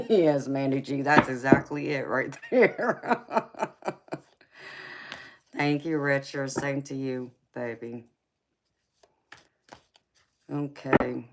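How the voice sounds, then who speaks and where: The same Southern-accented tarot streamer from Los Angeles has a rumbling low voice here, speaking slowly and pausing often. Laughing frequently, she chats casually, reading viewers' comments aloud and replying to them.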